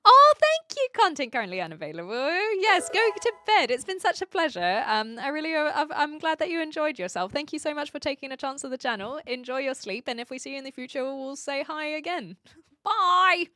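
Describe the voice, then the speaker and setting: Bright high-voiced New woman streamer. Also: fairly quick, no echo. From New Zealand. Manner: chatty, animated, frequent fillers and restarts. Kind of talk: casual live-stream chat reading viewer messages.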